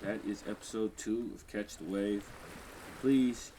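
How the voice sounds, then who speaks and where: Young guy host reading his old script, kinda low voice, chill and self-mocking. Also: steady tone, a little slow, dark tone, slight background noise. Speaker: podcast host. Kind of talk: casual reading aloud.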